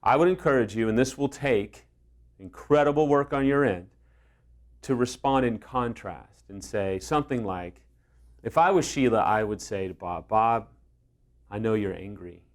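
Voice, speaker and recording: An affair-recovery coach talks to camera at normal speed, his mid-range voice expressive. Earnest throughout, he illustrates his advice with stories, performing the dialogue himself.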